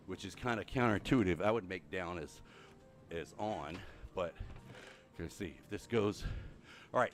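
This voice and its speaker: Out-of-breath older man streaming a game. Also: on the low side. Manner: rambling, thinks aloud, chatty with viewers. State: out of breath, walking on a treadmill. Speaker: Minecraft livestream host. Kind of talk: casual gameplay livestream chat.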